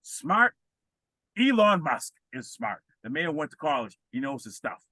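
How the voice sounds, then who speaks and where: A man doing an impression of a whiny, weepy, self-important male pundit in a shrill, ranting voice. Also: big pitch swings, a little slow, pushed and bright, no room sound, full character voice.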